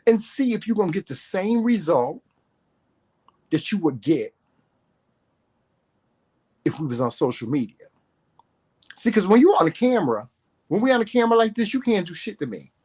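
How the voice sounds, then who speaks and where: A man's voice: high voice, sing-song, normal speed, pauses often, darkish tone, slightly rough. A man vlogging to camera, telling a story in a profane, confrontational rant full of emphatic repetition.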